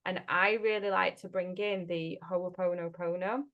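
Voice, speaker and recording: Gentle woman talking about healing. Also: lowish voice, steady tone, normal speed, lo-fi sound. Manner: gentle, reassuring, many "right?" asides. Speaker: healing coach. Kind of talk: casual podcast chat.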